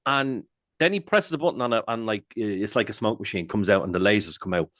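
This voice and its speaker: A man with an Irish accent, co-hosting a podcast and telling stories in casual chat, animated and swearing freely. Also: on the low side, fairly quick, dry recording, studio quality. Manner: animated, swears freely, jumps into loud quoted exclamations. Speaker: podcast co-host.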